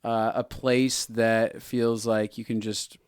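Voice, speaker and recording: A man's voice: medium pitch, level tone, slow, clean tone, no room sound, clean studio sound. A man co-hosting a podcast, chatting casually and bantering teasingly with his partner. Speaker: podcast co-host. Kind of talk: casual chat.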